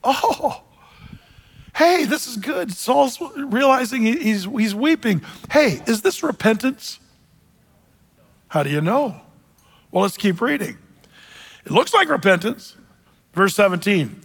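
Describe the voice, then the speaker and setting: A male pastor preaching a sermon, telling the story in an animated way with joking asides. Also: very high voice, measured pace, breathy edge. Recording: long hall reverb.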